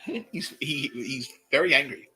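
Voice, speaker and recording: A man's voice: medium pitch, expressive, unhurried, bright, forceful tone, faint music behind, low-quality recording. A man with an Australian accent hosting a comedy podcast, rambling through a crude, swearing, giggly monologue. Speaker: podcast host.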